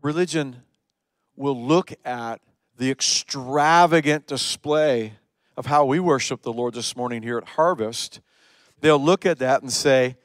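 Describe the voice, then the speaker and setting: A man preaching a sermon as a pastor, telling the story in a lively way and swinging between hushed lines and emphatic ones. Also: medium pitch, a little slow, no room sound.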